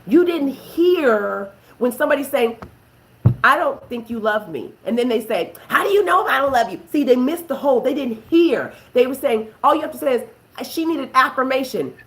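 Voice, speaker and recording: Woman minister, fairly high-pitched, emphatic storytelling preacher. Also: expressive, moderate pace, a little hiss or hum, rough recording. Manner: emphatic, tells stories with quoted voices. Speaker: prophetess. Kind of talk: preaching talk show.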